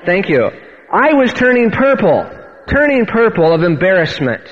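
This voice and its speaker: A man's voice: sits high, very animated, moderate pace, muffled recording, a little hiss or hum. A man, a pastor, telling a personal testimony as a sermon, acting out the voices of the people in his story.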